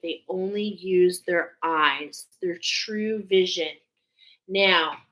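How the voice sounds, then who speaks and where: A woman's voice: mid-range voice, bright, forceful tone, rough recording. A woman giving a casual spiritual oracle card reading, talking in an earnest, heartfelt, meandering way. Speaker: intuitive oracle card reader.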